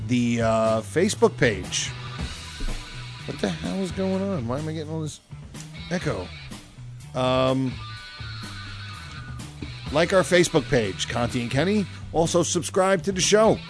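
A man co-hosting a comedy podcast, chatting loosely with lots of ums, uhs and swearing. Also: medium pitch. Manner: loose, profane, filler-heavy. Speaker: podcast co-host. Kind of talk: casual comedy podcast chat.

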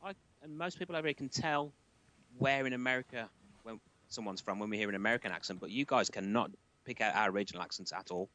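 A man's voice: fairly low pitch, quick pace, bright, forceful tone, low-quality recording. A middle-aged British man chatting casually on a podcast, with dry, wry humour. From Britain. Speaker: guest. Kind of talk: casual chat.

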